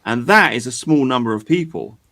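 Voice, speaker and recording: A man's voice: mid-range voice, lively intonation, a little fast, sharp tone. A young man co-hosting a stream, chatting casually, rambling, repeating himself and swearing a lot. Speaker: stream co-host. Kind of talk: casual chat.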